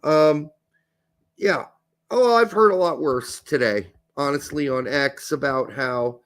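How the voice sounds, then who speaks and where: Lively high-voiced man, profane and rambling. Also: takes it slowly. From born in the US, raised in Germany. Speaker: podcast co-host. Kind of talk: casual soccer chat.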